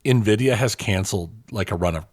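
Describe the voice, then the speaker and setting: A man with a fairly low voice co-hosts a casual podcast. He talks in a relaxed, halting way, filling gaps with ums and uhs as he walks through news. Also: breathy edge, no room sound, clean studio sound. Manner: relaxed, hesitant, many fillers while reading news. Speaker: podcast co-host. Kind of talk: casual chat.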